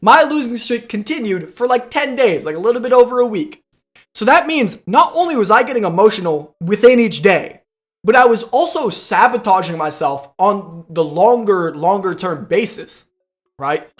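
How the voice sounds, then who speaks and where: High-voiced man coaching gamers. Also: lively intonation, moderate pace. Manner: conversational, repeats "right?" and "like". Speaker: League of Legends coach. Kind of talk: casual explanatory talk to camera.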